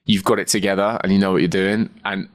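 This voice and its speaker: A man's voice: low voice, little pitch movement, fast talker. A man chatting casually as a podcast guest over a video call, calling everyone "mate". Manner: matey, peppers speech with "mate".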